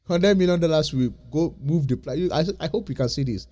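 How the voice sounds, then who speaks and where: A man hosting his own channel, talking straight to his viewers in a mellow, rather high voice. He lectures them insistently, circling back over the same points again and again. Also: brisk. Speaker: crypto channel host. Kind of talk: casual vlog talk to camera.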